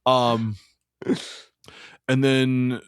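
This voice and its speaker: A man's voice: medium pitch, level tone, drawn-out words, clear, resonant tone, dry recording, studio quality. A man co-hosting a podcast, recapping a film in casual, jokey chat full of fillers. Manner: rambling, jokey, many fillers. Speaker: podcast co-host.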